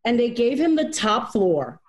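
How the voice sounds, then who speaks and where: Woman, fairly high voice, salty and animated, acts out quotes. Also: a little slow. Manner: brash, swears freely, acts out quotes. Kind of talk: casual chat.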